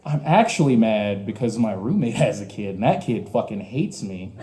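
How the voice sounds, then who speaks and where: A man's voice: on the low side, lively intonation, moderate pace, mellow. A man in his twenties doing open mic stand-up, with crude, ranting, self-mocking jokes. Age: 20s. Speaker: stand-up comedian. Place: small comedy venue.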